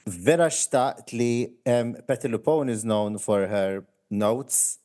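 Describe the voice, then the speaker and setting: A man's voice: mid-range voice, slow, mellow. A man with a Maltese accent chatting casually as co-host, moving between English and Maltese mid-sentence. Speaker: podcast co-host. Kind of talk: casual chat about a reality show.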